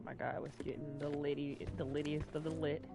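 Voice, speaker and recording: A game streamer joking and chatting through a let's play, with soft game music behind. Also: medium pitch, flat delivery, a little fast, creaky.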